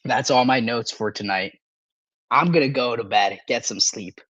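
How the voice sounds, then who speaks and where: A male sports podcast host talking casually on a live stream, excitable and animated, with a parched throat that keeps making him cough and clear it. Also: mid-range voice, normal speed, no echo, highs cut off.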